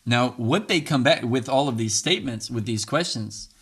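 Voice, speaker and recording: A man's voice: medium pitch, animated, moderate pace, fairly bright tone, breathy edge. A man hosting a podcast, talking casually and earnestly as he coaches listeners, often checking in with "right?" and chuckling lightly between points. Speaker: podcast host. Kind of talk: conversational podcast monologue.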